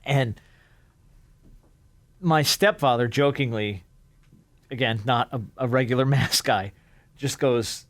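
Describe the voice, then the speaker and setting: A man co-hosting a podcast, telling a personal story in lively, quick bursts of casual chat. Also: mid-range voice. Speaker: podcast co-host.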